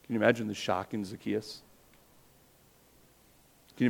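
A pastor preaching a sermon, telling a story with rhetorical questions and dropping his voice quiet for emphasis. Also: on the low side, steady tone, moderate pace, vocal fry.

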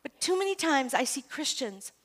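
A woman giving a devotional Bible teaching talk in a conversational, animated way, moving from soft scripture reading to loud emphatic asides. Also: high-pitched, normal speed. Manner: conversational, self-correcting.

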